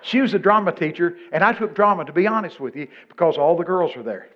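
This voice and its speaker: A man from Texas with a Texan accent, telling a humorous story to a live audience. He swings from mumbled asides to loud exclamations. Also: high-pitched, expressive, fast talker, dull audio. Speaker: speaker addressing an audience.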